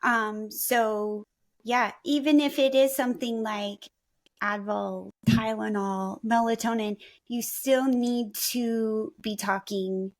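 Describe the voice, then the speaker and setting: A woman's voice: a little high, steady tone, slow. A woman podcast co-host and parent who talks with a hesitant, filler-filled manner. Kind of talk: podcast conversation.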